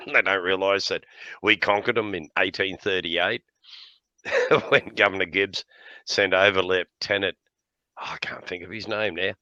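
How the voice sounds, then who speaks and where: A man's voice: low-pitched, unhurried, long pauses, dry recording, highs cut off. An Australian man hosting a live stream, swearing freely and laughing as he tells stories. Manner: laughs often, swears freely, lively yarn-spinning. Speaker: livestream host. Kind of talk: casual chat with jokes and yarns.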